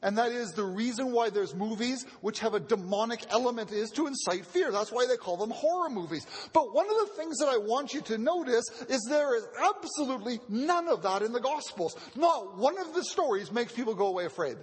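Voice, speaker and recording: A man's voice: very high voice, animated, brisk, few pauses, husky. A male pastor preaching a sermon in an earnest teaching manner, often repeating words as he restarts. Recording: long reverb of a large hall.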